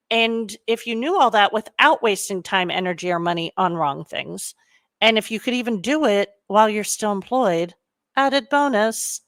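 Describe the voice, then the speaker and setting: A woman's voice: medium pitch, dry recording. Chatty woman career coach. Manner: chatty, animated, with fillers. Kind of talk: webinar talk to an audience.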